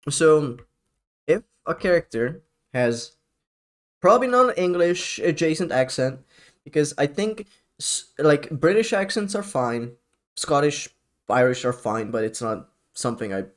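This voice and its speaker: A man's voice: on the high side, expressive, measured pace. Rambling, profane male streamer. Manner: rambling and profane, with frequent laughs. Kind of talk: casual live-stream chat.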